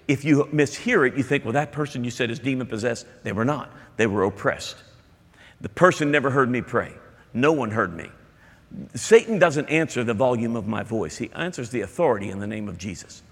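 Here the pastor's mid-range voice moves fairly quickly with lively intonation and a breathy edge. He preaches emphatically in a church, talking straight to his congregation with frequent asides, all under a long hall reverb.

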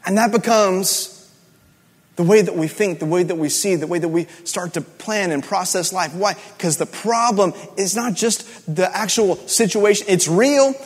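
High-voiced preacher in a reverberant hall. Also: male voice, moderate pace, breathy edge. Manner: conversational and emphatic, repeats key words. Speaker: pastor. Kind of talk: sermon.

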